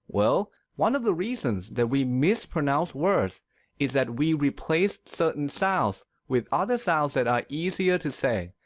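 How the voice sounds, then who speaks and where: Man, pronunciation teacher, scripted lesson, bouncy intonation, slightly high voice, dry close sound. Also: dry recording. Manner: clear, measured explaining with emphatic repetition.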